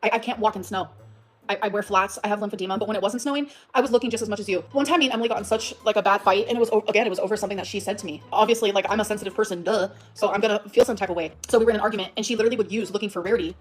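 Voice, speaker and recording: Fast-talking ranting woman vlogger. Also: mid-range voice, soft background music. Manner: rambling, profane, shifts between laughing and upset. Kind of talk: emotional vlog rant.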